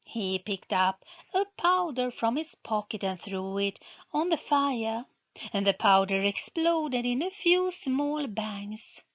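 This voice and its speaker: Woman reading a book out loud really slow, kinda high voice, muffled mic. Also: lively intonation. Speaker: reader, channel host. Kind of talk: storybook narration.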